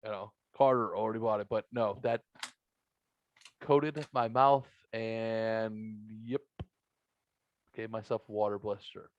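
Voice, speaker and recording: In a home basement room, a male podcast host chats casually, spinning a rambling, profane story and voicing both sides of each conversation himself. His voice sits low, his intonation stays fairly even, and he speaks slowly with frequent pauses. The audio has its highs cut off and a slight hiss or hum.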